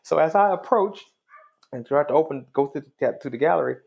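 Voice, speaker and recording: A middle-aged man, a judge, telling a story in an interview in a calm, wry, conversational way. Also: fairly high pitch, fairly quick, creaky.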